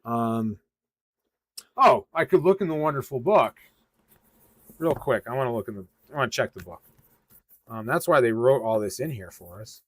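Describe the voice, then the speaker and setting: A man's voice: medium pitch, expressive, normal speed, pauses often, no room sound. A man from western Massachusetts hosting a live tarot reading, talking casually with a loose, rambling flow and plenty of ums and uhs. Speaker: tarot reader hosting a livestream.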